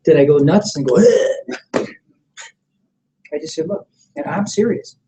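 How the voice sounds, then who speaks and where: Talking fast over a noisy background, a middle-aged man leads a motivational seminar on sales as a network marketing trainer. He coaches with plenty of energy, keeps making sure the audience is following, and role-plays example pitches.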